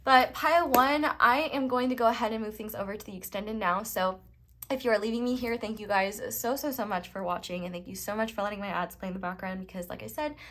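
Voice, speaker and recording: A young woman chats her way through a tarot reading, rambling and dropping fillers as she goes. Her voice sits at a middle pitch, relaxed and conversational. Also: fast. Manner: chatty, rambling, lots of fillers. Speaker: tarot reader. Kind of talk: casual tarot reading to camera.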